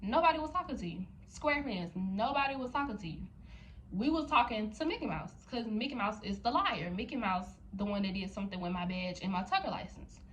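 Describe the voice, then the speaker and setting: A woman's voice: mid-range voice, expressive, a little fast, fairly bright tone, slight background noise, rough recording. A young woman vlogger telling a story to her viewers, heated and profane, addressing them directly. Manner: talks straight to viewers. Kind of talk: storytime vlog.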